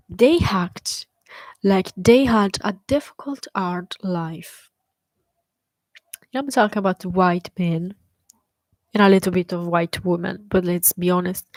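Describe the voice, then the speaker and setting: A woman's voice: medium pitch, dry recording, poor audio. A young adult woman hosting a solo podcast, ranting bluntly and scornfully with heavy profanity and emphatic repetition. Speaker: podcast host. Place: bedroom with an open window.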